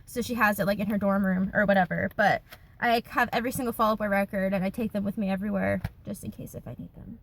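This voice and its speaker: A woman's voice: mid-range voice, fairly even intonation, quick pace, vocal fry. A woman in her twenties, chatting casually in a Q&A vlog from her car, with lots of fillers and giggles. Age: 20s. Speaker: YouTuber.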